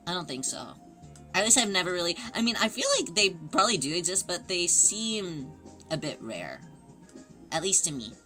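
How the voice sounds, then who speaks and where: A woman livestreamer with a fairly low voice that is strikingly bright and cutting, and her pitch swings widely as she chats. She gushes excitedly and greets viewers one after another, with faint music playing underneath. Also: normal speed. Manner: excitable and gushing, greets chatters. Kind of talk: casual livestream chat with viewers.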